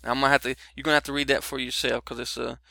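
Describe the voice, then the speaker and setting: A man's voice: medium pitch, little pitch movement, very fast, creaky, bright, forceful tone, no room sound. A middle-aged man giving a casual broadcast Bible teaching, explaining verses in a conversational way with frequent fillers and restarts.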